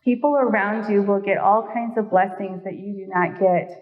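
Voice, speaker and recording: A middle-aged woman gives a sermon with a friendly, conversational manner and playful asides to the crowd. Her voice sits at a middle pitch and sounds far from the mic. The hall adds a long, ringing reverb, and the recording is dull. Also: steady tone, normal speed. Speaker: Bible teacher.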